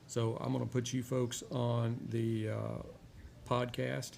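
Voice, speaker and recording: A man from Texas with a drawl, hosting a cigar review show and chatting in a rambling, relaxed way with many filler words. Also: mid-range voice, takes it slowly, gravelly. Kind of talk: casual chat while smoking a cigar. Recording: faint background noise.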